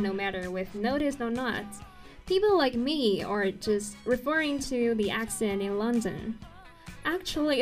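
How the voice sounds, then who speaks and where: Female explainer narrator, earnest and slightly halting, higher register, light music bed. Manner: earnest, occasionally stumbles and corrects herself. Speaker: video presenter.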